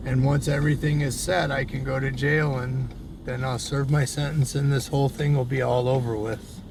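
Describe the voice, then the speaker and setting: A man in his sixties, a stepfather speaking in a documentary interview, measured and reflective, with hesitant pauses. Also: medium pitch, little pitch movement, creaky, darkish tone, slight background noise. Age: 60s.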